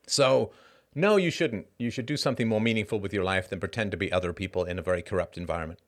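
Animated middle-aged man musing aloud. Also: fairly low pitch. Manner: animated, rhetorical, keeps asking "right?"; breaks into short laughs. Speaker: podcast host. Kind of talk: casual monologue commentary.

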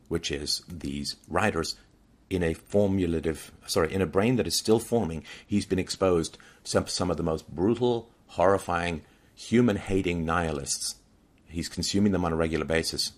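A man's voice: deep voice, slightly rough. A man hosting a spoken film review, talking emphatically and repeating key phrases for effect.

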